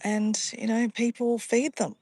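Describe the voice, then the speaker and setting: A woman's voice: on the high side, level tone, a little slow, mellow, slightly rough. An Australian woman chatting casually to livestream viewers outdoors by a pond, easily sidetracked and calling her viewers guys. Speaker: livestream vlogger.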